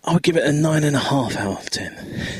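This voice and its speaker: A man's voice: on the high side, lively intonation, moderate pace, husky, dry recording. A man hosting a casual solo podcast from his home, chatting in a rambling, easily distracted way as a Scout leader. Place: at home by a window.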